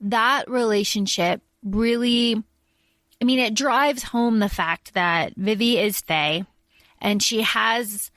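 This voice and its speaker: A woman's voice: on the high side, slow, a bit bright, no echo. A woman co-hosting a podcast, explaining points with examples in casual chat. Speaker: podcast co-host.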